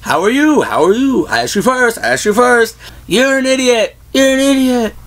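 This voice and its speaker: A man doing an impression of the Grinch, a grumpy, sarcastic green Christmas grump, in a high, sneering, mocking voice. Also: lively intonation, moderate pace.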